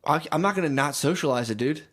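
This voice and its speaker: A man's voice: a little high, animated, quick pace, fairly bright tone. A male podcast co-host in loose, joking banter. He rambles and swears freely, leans on "like" and "dude", and argues his point with stubborn insistence. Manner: rambling and profane, full of "like" and "dude"; defensive, insistent arguing. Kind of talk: casual comedic podcast banter.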